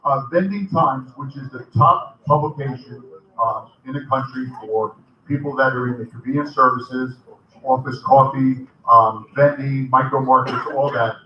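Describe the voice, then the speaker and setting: A man speaking at a convention, friendly but halting, often repeating words as he goes. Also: mid-range voice, slight background noise. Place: convention hall. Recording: echoey hall, from far off, dull.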